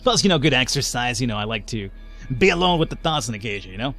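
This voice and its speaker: A young man talks his way through a survival game in loose, joking commentary, swearing now and then. His voice sits at an average pitch for a man. Faint game music plays underneath. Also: sing-song, quick pace, fairly bright tone. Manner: chatty and joking, with casual swearing. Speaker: let's play host. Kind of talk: casual gameplay commentary.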